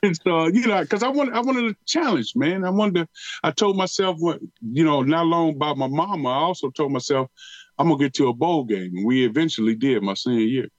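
A middle-aged Detroit man, once a pro football player, spins stories in a relaxed interview, his voice fairly high and his pace fairly quick. He's an animated narrator who drawls, repeats himself a lot, and leans on slang. The recording is dry and the audio sounds dull.

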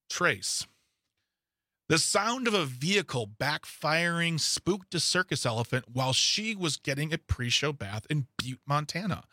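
A man's voice: a little high, bright, forceful tone, dry recording, studio quality. A man co-hosting a casual podcast, reading news headlines aloud with joking asides and stumbles.

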